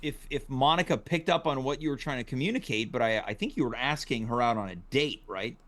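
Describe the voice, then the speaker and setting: A man's voice: mid-range voice, a little fast, a bit bright, a little hiss or hum. A man hosting a comedy talk show, wry and teasing, with a dry conversational delivery. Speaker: host.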